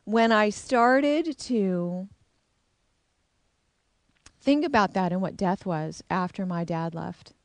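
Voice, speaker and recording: A woman's voice: medium pitch, takes it slowly, pauses often, dry recording. A middle-aged woman, a self-described intuitive, candidly and reflectively telling a personal story. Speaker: intuitive, psychic.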